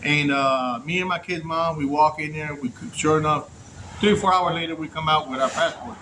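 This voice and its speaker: A man's voice: fairly high pitch, brisk, noisy background. A man telling his own story to camera in a casual, rambling, profane way. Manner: rambling, profane, restarts often. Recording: echoey room.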